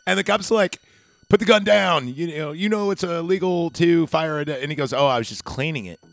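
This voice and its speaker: A man's voice: fairly high pitch, brisk. A man casually recapping a film on a podcast, rambling and swearing as he acts out its lines. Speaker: podcast co-host. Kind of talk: casual movie recap chat.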